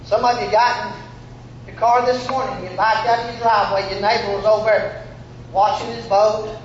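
A man preaching a fervent sermon, shouting out lines and acting out Bible figures in a folksy way. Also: high voice, fairly even intonation, moderate pace, slight background noise. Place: church sanctuary. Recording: echoey room, muffled.

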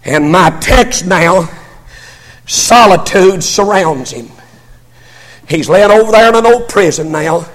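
Older preacher, high husky voice. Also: male voice, expressive, slow pace, long pauses, big-room sound. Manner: fervent preaching that swells into shouting, with many stammered restarts. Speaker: pastor. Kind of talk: sermon.

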